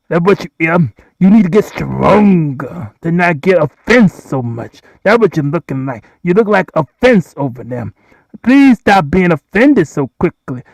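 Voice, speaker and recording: A man's voice: sits high, dry recording. A man hosting a rambling solo livestream, repeating himself and pleading with the countries he addresses. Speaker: livestream host.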